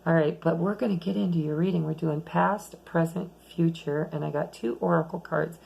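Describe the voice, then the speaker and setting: A woman giving a chatty, rambling tarot reading at home late at night, losing her voice and talking softly at times. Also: on the low side, fairly even intonation, normal speed, gravelly, husky, rough recording. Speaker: tarot reader.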